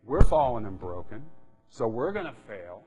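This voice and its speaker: A man's voice: medium pitch, very animated, moderate pace, narrow, tinny audio. Conversational male preacher in an echoing hall. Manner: conversational, keeps asking "right?". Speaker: pastor. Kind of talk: sermon. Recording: long reverb of a hall.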